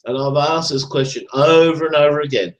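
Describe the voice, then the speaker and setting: This livestream host, fairly high-pitched and fairly quick, rattles off a rambling, profane, repetitive rant in casual talk. The recording has a roomy echo.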